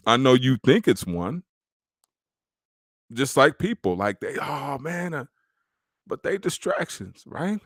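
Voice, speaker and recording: A man's voice: mid-range voice, very animated, slow, pauses often, no echo, clean studio sound. A man hosting a podcast, giving a casual, streetwise motivational talk about faith. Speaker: podcast host.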